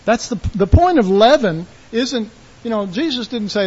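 A man preaching a sermon in a folksy, animated way, acting out quotes and shouting call-and-response lines. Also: high voice, moderate pace, husky, muffled recording.

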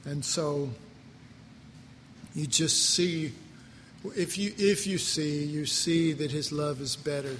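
Slow, deeply moved male preacher. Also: steady tone, fairly bright tone, a little hiss or hum. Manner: slow, emotional, moved, drawn-out emphasis. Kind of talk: sermon. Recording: reverberant hall, faint ambience.

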